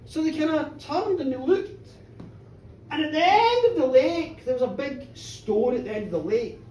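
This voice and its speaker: At an indoor pub storytelling show, a woman tells a folk tale live in a chatty, playful way, her high, dark-toned voice swooping up and down expressively at normal speed. She's picked up by a distant mic in the echoey bar, with faint noise in the background.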